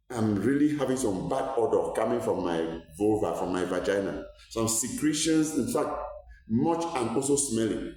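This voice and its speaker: A man's voice: medium pitch, darkish tone, far from the mic. Earnest man in an echoey room. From Cameroon. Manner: earnest, repeats words when searching, rises when stressing a point. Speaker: doctor and health educator. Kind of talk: health talk to viewers.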